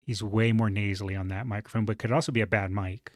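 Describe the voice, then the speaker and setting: A man with a moderately deep voice reacting to a video in a relaxed, chatty way, thinking aloud with fillers. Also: quick pace, no echo. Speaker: reaction streamer. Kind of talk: casual reaction commentary.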